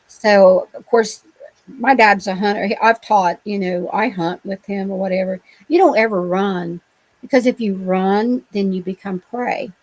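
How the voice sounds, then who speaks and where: A woman's voice: mid-range voice, steady tone, normal speed, a little mellow, no room sound, rough recording. A middle-aged woman from Ohio, a guest on an interview show, telling her own encounters in a rambling, colloquial way with many restarts. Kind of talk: telling personal encounter stories.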